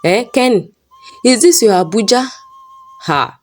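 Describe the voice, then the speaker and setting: A woman's voice: fairly high pitch, expressive, takes it slowly, faint music behind, pitched above the performer's own voice. A woman voicing a betrayed wife who scolds her husband with scorn. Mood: angry. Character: angry betrayed wife, sharp-tongued.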